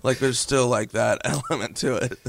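A man's voice: mid-range voice, normal speed, creaky, no echo. A man talking as a guest in a casual interview, loose and laughing, swearing often and filling with "like". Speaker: comedian and actor guest.

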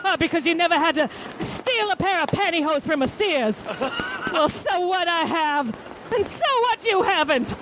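Woman improvising a boozy mother shouting at a jury, high, loud, over the top. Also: expressive, normal speed, noisy background. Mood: pleading. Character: desperate boozy mother pleading in court.

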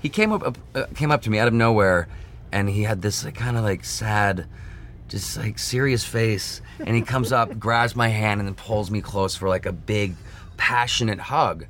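A low-voiced man in his thirties, chatting as an interview guest. He tells stories animatedly, laughing and restarting his sentences often. A faint hum of noise sits behind him. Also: normal speed, fairly bright tone. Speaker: actor guest. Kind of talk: casual interview storytelling. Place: back room of a bowling alley.

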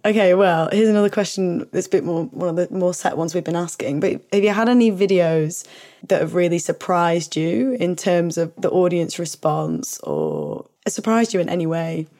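A woman co-hosting a relaxed interview podcast. She is upbeat and playful, quick to pick up an idea and riff on it. She asks her questions in a casual, conversational way. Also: fairly low pitch. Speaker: podcast co-host.

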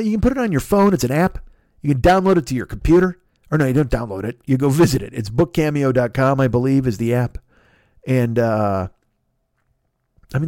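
In a dry, clean studio recording, a podcast host in his fifties rants through a comedic monologue, swearing heavily and hopping from story to story. His voice is mid-range and a little mellow.

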